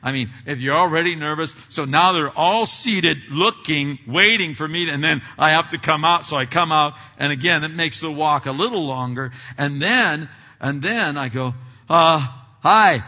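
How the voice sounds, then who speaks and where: A man preaching, a pastor telling a story in a self-deprecating, animated way with many restarts, recorded in a church sanctuary. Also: on the high side, normal speed. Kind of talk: sermon storytelling. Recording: dull hall reverb, lo-fi.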